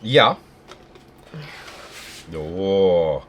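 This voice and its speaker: A man's voice: deep voice, expressive, drawn-out words, slight background noise. A man, hosting a fluid art video and trading jokes and teasing banter with a friend while painting. He is hot and tired, and laughs often. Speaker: fluid art channel host.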